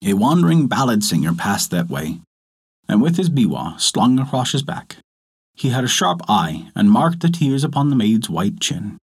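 A man narrating a folktale aloud in an expressive, lilting read-aloud delivery. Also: on the low side, normal speed, slightly rough. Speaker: storyteller.

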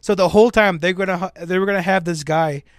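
A young man co-hosting a podcast, telling a story in a casual, animated way with jokey asides. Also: high-pitched, fast, no room sound, studio quality. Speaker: podcast co-host. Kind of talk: casual chat.

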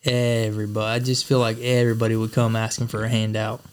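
A man's voice: on the low side, completely flat delivery, fast talker, smooth. A man co-hosting a podcast in casual chat, ribbing his friend with dry teasing remarks. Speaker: podcast co-host.

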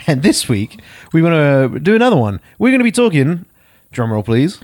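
Lively joking podcast host, dry sound. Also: male voice, a little high, a little fast, dry recording. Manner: laughs often, lively and jokey. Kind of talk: casual podcast banter.

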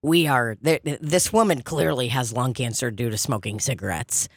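A woman with a low-pitched voice chats casually on a podcast, teasing her co-host and swearing freely. Her voice is recorded close and dry, with no room sound around it. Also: normal speed, husky, dry recording.

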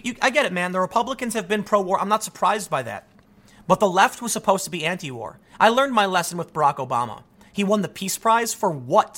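A man's voice: fairly high pitch, bright, forceful tone. A man ranting through an opinion monologue as a commentary host, exasperated and full of rhetorical questions. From United States.

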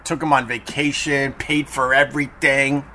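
A man's voice: medium pitch, little pitch movement, normal speed, pushed and bright. A man hosting a podcast, telling a story in a chatty, profane way and acting out quoted people with raised voices. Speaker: podcast host. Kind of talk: casual storytelling monologue.

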